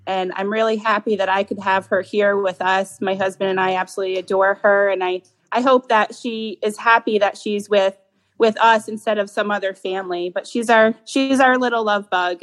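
A woman's voice: mid-range voice, fairly even intonation, brisk, a bit bright, rough recording. A young woman guest in a casual podcast interview, talking fondly and often restarting her phrases.

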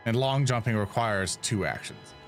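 A man's voice: medium pitch, normal speed, faint music behind. A man running a tabletop game as game master, easygoing and patient with the players.

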